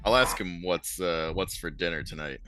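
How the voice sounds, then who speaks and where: A man's voice: low voice, normal speed, music in the background. A man playing in a tabletop game, speaking hesitantly with laughs. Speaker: player. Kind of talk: tabletop role-play.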